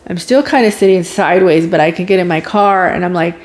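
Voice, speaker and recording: A woman's voice: lowish voice, brisk. A woman vlogger telling her own story in a casual, emotional way, with sighs and groans as she relives it.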